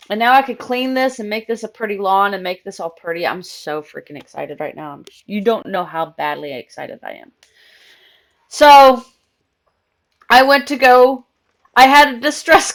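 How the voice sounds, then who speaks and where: High-voiced chatty woman game streamer. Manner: chatty, rambling, laughs often. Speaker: live streamer. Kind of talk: casual live-stream chat while gaming.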